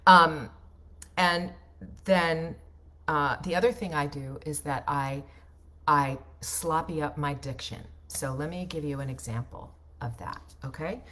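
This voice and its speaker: A woman coach talks through voiceover tips in a loose, conversational way, in a slightly low voice. She keeps checking in with tag questions and doesn't polish every phrase. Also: a little slow, a bit bright. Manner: chatty, ends points with tag questions; loose, unpolished delivery with restarts. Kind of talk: casual on-camera teaching.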